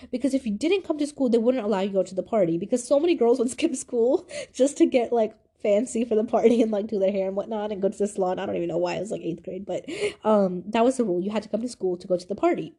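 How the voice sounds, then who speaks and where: Young woman vlogger, slightly high and mellow voice, candid and rambling storytelling. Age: young adult. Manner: candid, rambling, full of "like" and "you know". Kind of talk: casual personal storytelling.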